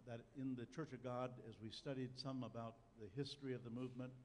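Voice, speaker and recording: A man's voice: medium pitch, little pitch movement, fast, darkish tone, a little hiss or hum. An older man preaching a sermon, telling a personal story in a folksy way with dry humor. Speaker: pastor. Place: church sanctuary. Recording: long church hall reverb, faint ambience.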